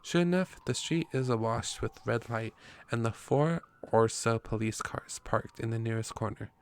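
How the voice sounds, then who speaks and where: A man's voice: medium pitch, moderate pace, clean tone. A man reading a story game's text aloud in a casual way, with his own asides between passages. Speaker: game player narrating.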